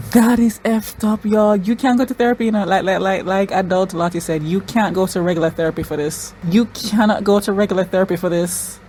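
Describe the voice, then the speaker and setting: A woman hosting a reaction video, talking excitedly and repeating her exclamations, tearful at times. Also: mid-range voice, quick pace, few pauses, slight background noise, rough recording. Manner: exclaiming, repeats phrases, says y'all. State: crying.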